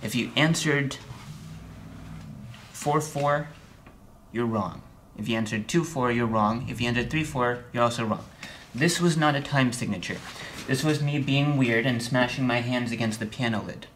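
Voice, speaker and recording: A male music theory instructor at a middle pitch, talking through a recorded lesson in a chatty, slightly wry way. He keeps checking in with the viewer and calls out beat counts with strong emphasis on the downbeats. A faint hiss sits under the voice. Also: normal speed, a bit bright.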